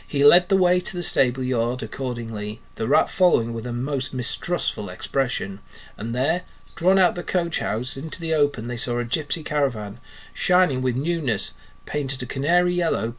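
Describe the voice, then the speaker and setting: A man reading a children's book aloud in a steady, expressive storytelling manner. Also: mid-range voice, moderate pace. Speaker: reader.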